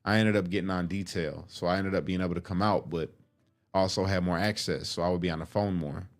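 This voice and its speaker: Profane, animated male storyteller. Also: low voice, brisk. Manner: profane, animated, acts out quotes. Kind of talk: casual storytelling.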